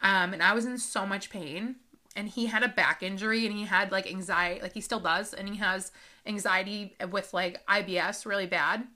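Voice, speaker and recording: Bright-voiced woman telling her story. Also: medium pitch, fairly even intonation, moderate pace. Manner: emotional, with frequent fillers and laughs. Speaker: podcast host. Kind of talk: personal storytelling monologue.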